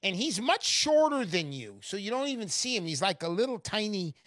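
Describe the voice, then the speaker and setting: Animated woman mocking bank savings. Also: medium pitch, fairly quick, no room sound, studio quality. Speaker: gold investment promoter. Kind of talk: persuasive sales pitch.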